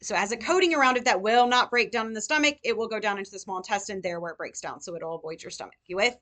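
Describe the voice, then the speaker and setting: A woman nursing tutor lecturing a live class, firing rapid questions at her students. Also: mid-range voice, fairly bright tone.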